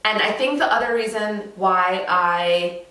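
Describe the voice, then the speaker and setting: A woman's voice: medium pitch, unhurried, bright, forceful tone. Young canadian woman vlogging, chatty and giggly, super echoey room, mic kinda far. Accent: Canadian English. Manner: chatty, laughing often, trailing off and restarting. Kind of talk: casual chat to camera.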